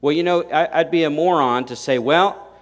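A man's voice: on the high side, a little fast. A man preaching a sermon in a folksy, emphatic way, often restarting his sentences and punching key words. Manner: folksy, emphatic, rising to loud stresses.

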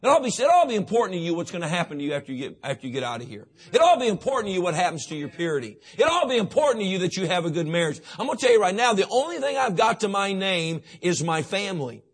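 A man's voice: sits high, very animated, very fast, few pauses, husky. A man preaching a sermon to teenagers, emphatic and repetitive, often asking his listeners questions. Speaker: youth pastor.

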